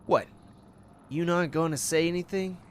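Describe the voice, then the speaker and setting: A man's voice: on the high side, normal speed, slight background noise, lightly acted. A man voicing a cruel, controlling talent manager, bullying and scolding while reading game dialogue aloud.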